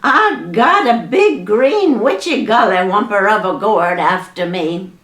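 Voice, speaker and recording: A woman's voice: on the high side, sing-song, measured pace, fairly bright tone. A woman doing a panicked old mountain granny. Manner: hollering, panicked. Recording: echoey room.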